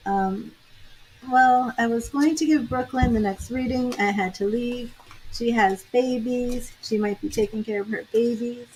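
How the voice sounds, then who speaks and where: A woman's voice: fairly high pitch, a little mellow, slightly rough, low-quality recording. A woman tarot reader and psychic medium chatting on a livestream, laughing often and greeting viewers by name. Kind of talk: casual livestream chat.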